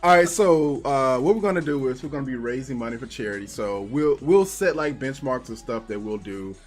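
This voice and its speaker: Animated man hosting, laughing a lot. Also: mid-range voice, a little fast. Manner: laughing, stumbling restarts, teasing. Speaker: stream host. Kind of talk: casual chat on a charity game stream.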